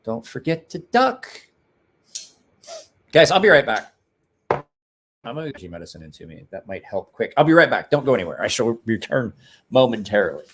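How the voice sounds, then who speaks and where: A man's voice: on the low side, sing-song, a little fast, fairly bright tone, slight background noise. A man hosting a casual livestream, rambling, joking and swearing as he answers his chat. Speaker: livestream host.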